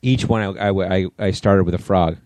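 A man co-hosting a podcast in casual chat, a little hoarse, reading out listener questions. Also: low-pitched, fairly even intonation, moderate pace, a little mellow, no echo, studio quality. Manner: chatty, reads listener questions. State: hoarse, clearing throat. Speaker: podcast co-host.

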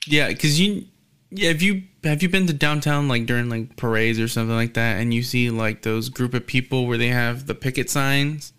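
A man's voice: mid-range voice, flat delivery, normal speed, a bit bright, clear, resonant tone. A man hosting a podcast, chatting casually and telling a story, acting out the lines of the people in it. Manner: storytelling, acts out quoted exchanges. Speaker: podcast host.

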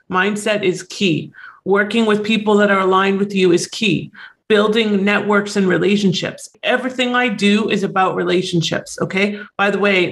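A man guest on a podcast with a hoarse, raspy voice, talking eagerly and promoting his work over a call. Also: high-pitched, a bit bright. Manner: eager, self-promoting, talks in quick bursts. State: hoarse after illness. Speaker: podcast guest, real estate referral agent. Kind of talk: casual interview talk.

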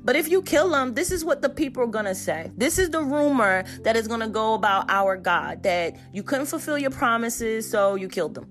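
A woman preacher voicing Moses as a calm man coaxing an angry God, hesitant and conversational. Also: fairly high pitch, fairly quick, few pauses, faint music behind.

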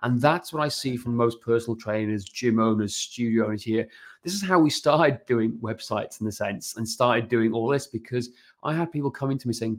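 A man's voice: medium pitch, normal speed. A man in his forties, a guest on a podcast, explaining website matters casually and animatedly, often checking in with "right?". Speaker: guest, fitness business and website consultant.

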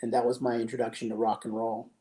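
Mellow, relaxed older man. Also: medium pitch, quick pace. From San Jose, California. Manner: relaxed, reflective, with laughs and throat-clearing. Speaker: guest, pro skateboarder. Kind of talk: casual interview storytelling.

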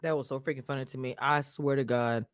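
A woman's voice: extremely low pitch, fairly even intonation, quick pace, dry recording, studio quality. A woman hosting a casual live stream, chatting straight to her viewers and laughing often as she talks. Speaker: live-stream show reviewer.

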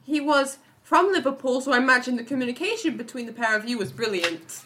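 A woman interviewing a guest, reading prepared questions carefully and halting on names. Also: high-pitched, animated, noisy background. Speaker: podcast interviewer.

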